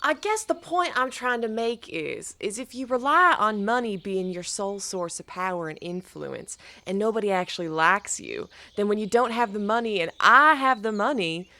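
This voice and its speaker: A woman's voice: mid-range voice, expressive, moderate pace, hardly any pauses, sharp tone, no echo. A woman playing a tabletop game in character, assertive and lecturing. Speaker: player.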